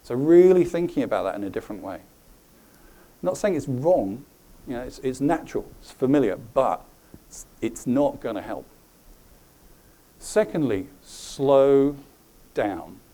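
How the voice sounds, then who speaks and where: A middle-aged man giving a live presentation to an audience, animated and often checking in with questions. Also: mid-range voice, normal speed. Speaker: presenter at a health talk.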